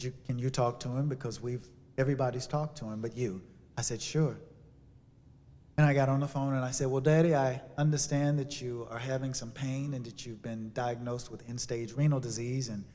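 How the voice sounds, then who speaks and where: A man telling a personal story as a sermon, with dramatic shifts from hushed to loud. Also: mid-range voice. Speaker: speaker. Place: church sanctuary. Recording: long hall reverb.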